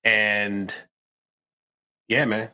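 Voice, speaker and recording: A man's voice: on the low side, level tone, extremely slow, sharp tone. A man co-hosting a casual livestream chat, laid-back and slangy, often repeating words as he restarts. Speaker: yarn company co-host.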